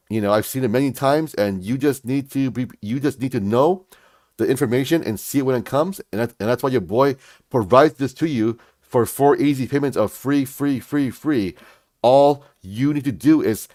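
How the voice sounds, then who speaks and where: Male livestream host, hyped and repetitive, mid-pitched, dry close sound. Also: a little mellow, dry recording. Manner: pumped, repetitive, keeps saying "folks, all right?". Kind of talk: hyped market commentary livestream.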